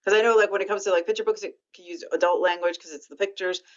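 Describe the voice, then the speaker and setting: A woman's voice: medium pitch, fairly even intonation, racing. A woman interviewing an author for a library, asking rambling, hesitant questions full of ums. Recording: dull lo-fi sound.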